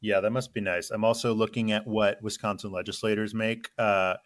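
A man's voice: fairly low pitch, little pitch movement, fairly quick, dry recording. A man talking politics as a guest correspondent, speaking loosely with lots of fillers and a dry, sarcastic edge. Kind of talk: casual political chat.

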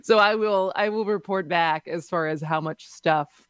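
Chatty woman co-host, lower voice. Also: a little slow, smooth, no room sound. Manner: chatty, storytelling with fillers. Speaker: radio show co-host. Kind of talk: casual radio chat. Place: radio studio. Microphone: studio microphone.

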